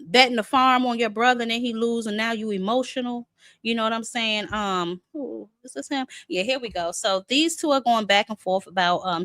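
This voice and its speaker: A woman's voice: mid-range voice, a bit bright, dry recording. A woman host, giving sassy, chatty boxing commentary full of fillers. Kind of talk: casual commentary.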